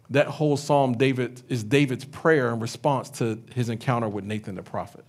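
A man preaching a sermon as pastor, animated, retelling scripture in everyday speech. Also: medium pitch. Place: church sanctuary.

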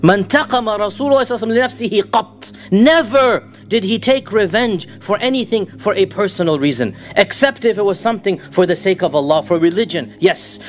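A man's voice: sits high, lively intonation, fast talker, hardly any pauses. A man preaching a sermon with passion, repeating phrases for emphasis and addressing the audience directly. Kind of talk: sermon lecture.

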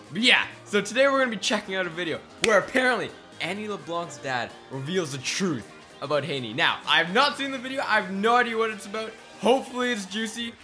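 A young man from Canada hosting a casual reaction commentary, jumping between murmured asides and loud exclamations. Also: high voice. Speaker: YouTube commentary host.

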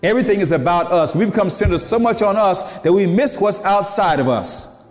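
A man's voice: sits high, lively intonation, fairly quick. A male pastor delivering a sermon, leading a recitation and then preaching with building emphasis. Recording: echoey hall reverb.

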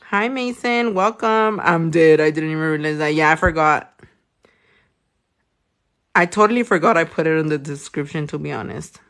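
This young woman from California has a lowish, fairly bright voice. She's a nail artist livestreaming a tutorial, working on nails, reading viewer comments aloud and chatting casually with plenty of swearing.

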